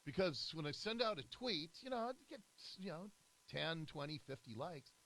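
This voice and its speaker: Male talk radio host, high and lively voice, emphatic and indignant, studio mic. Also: moderate pace, slight background noise, rough recording.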